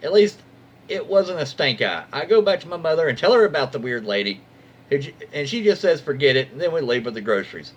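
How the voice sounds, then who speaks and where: A man reads internet stories aloud in a slightly high, very lively voice. He keeps it casual, breaking off to react and comment on what he reads. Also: brisk, breathy edge. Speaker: reddit story reader. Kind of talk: casual story reading.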